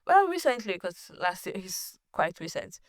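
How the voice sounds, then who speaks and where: A woman hosting her own podcast, telling a personal story in a casual, animated way, laughing often and restarting sentences. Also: medium pitch, moderate pace, no echo, studio quality. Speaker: podcast host.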